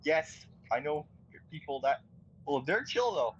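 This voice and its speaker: A man's voice: on the high side, sing-song, a little slow, dull audio, slight background noise. A man chatting casually while gaming, nervous and stammering, restarting his sentences.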